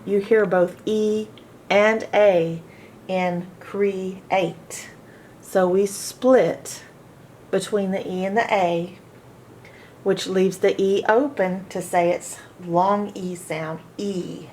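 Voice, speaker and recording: Slow, deliberate woman teaching phonics. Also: mid-range voice, steady tone, a little mellow, slight background noise. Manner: slow, deliberate, repeats words for practice. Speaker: reading teacher. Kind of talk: phonics lesson.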